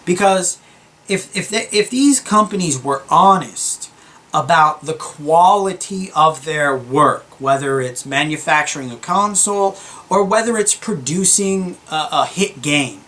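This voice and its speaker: A young man hosting his gaming channel, giving a calm, earnest opinion monologue with many fillers and restarts. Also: on the high side, unhurried. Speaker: gaming YouTuber.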